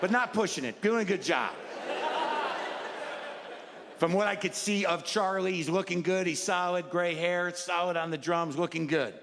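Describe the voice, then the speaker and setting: A man's voice: sits high, normal speed, pauses often, a bit bright, a faint crowd, a little hiss or hum. Stammering man doing stand-up in a hall. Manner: rambling, stammering, self-deprecating storytelling. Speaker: stand-up comedian. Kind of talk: stand-up routine. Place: live comedy stage before an audience. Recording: reverberant live hall with audience.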